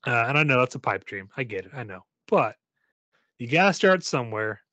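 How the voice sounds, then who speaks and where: Wrapping up a casual movie-chat episode for listeners, a podcast co-host jokes around playfully in a host-like way. His medium-pitched voice is sing-song, fairly quick, and fairly bright, with no room sound.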